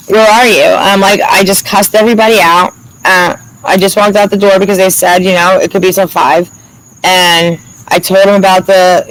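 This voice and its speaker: A woman's voice: on the low side, slight background noise, low-quality recording. A woman tells a story straight to the camera, still fired up about it. She swears freely and acts out each back-and-forth exchange in her own voice. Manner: heated, profane storytelling with lots of reported dialogue. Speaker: vlogger telling her side of a story. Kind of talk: casual storytime.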